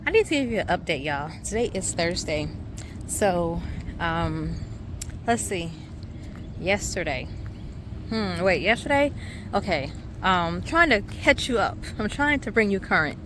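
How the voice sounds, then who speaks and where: A middle-aged woman, a high school teacher chatting casually to camera in her classroom, calling viewers y'all. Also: animated, measured pace, pauses often, background noise. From Savannah, Georgia. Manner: chatty, addresses viewers as y'all, many ums. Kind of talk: casual vlog chat to camera.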